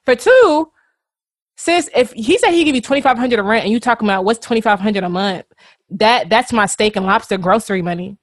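A woman co-hosting a casual gossip podcast, talking in a quick, animated, slangy way. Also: mid-range voice, no room sound, clean studio sound. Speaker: podcast co-host.

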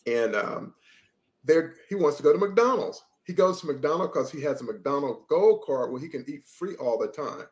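A man's voice: a little high, animated, moderate pace. A man hosting an interview podcast, chatting casually and encouraging his guest. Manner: encouraging, short affirmations. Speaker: podcast host.

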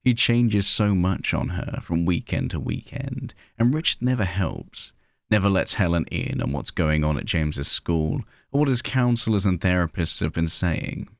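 A man reading a horror short story aloud in scripted narration, slow, measured and hushed. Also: sits low, expressive, gravelly, no echo, studio quality.

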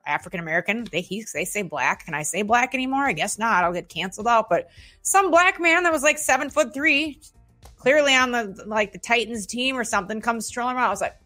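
A woman's voice: on the high side, animated, a little fast, bright, forceful tone, soft background music. A woman hosting a casual chat, telling rambling anecdotes with a bit of swearing. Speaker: host.

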